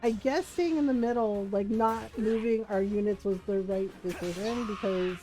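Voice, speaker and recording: A woman's voice: medium pitch, moderate pace, dark tone, faint music behind. A woman streamer casually telling a family story while gaming, laughing often and acting out her relatives. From Filipino family. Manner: chatty, laughs often, quotes family in voices.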